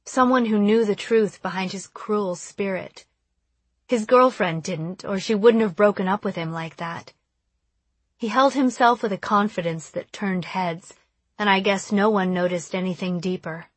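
A woman reading a first-person novel as an audiobook, in a soft, measured, introspective way. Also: medium pitch, no room sound. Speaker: audiobook narrator.

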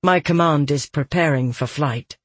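A narrator voicing a calm, formal woman commander in an audiobook, speaking in measured sentences. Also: medium pitch, husky, no echo, close to an everyday voice.

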